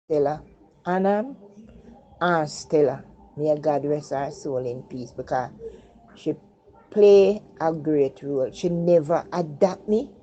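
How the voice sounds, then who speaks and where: An older woman from Jamaica with a Jamaican accent, telling a personal life story in patois in a reflective way, her voice dropping soft when she speaks of the dead. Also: low voice, takes it slowly. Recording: dull lo-fi recording.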